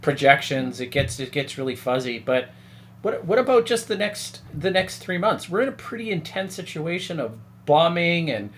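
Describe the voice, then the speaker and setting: Man, fairly high voice, hesitant interviewer, faint background hum. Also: sing-song, fairly bright tone. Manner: hesitant, halting questions. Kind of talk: casual live discussion.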